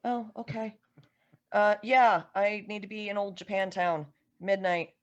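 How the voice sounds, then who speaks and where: A woman's voice: medium pitch, unhurried, lo-fi sound. A woman playing her character in a tabletop game, speaking bluntly and swearing casually. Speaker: player.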